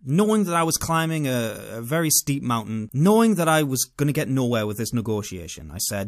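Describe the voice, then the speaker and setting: Animated British man telling a story. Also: mid-range voice, brisk, hardly any pauses. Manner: dramatic, wry storyteller. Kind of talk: first-person travel storytelling monologue.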